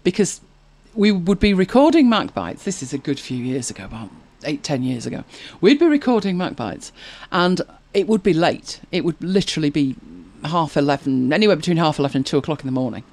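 This woman's low, sing-song voice moves a little fast and has a slightly mellow quality. As host of a casual chat show podcast, she chats away with anecdotes, reads viewer comments, and laughs often.

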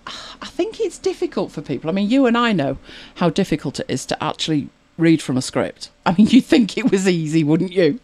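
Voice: medium pitch, very animated, brisk, few pauses, darkish tone. A podcast co-host chatting casually, rambling along with many fillers and restarts. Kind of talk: casual chat about audiobooks.

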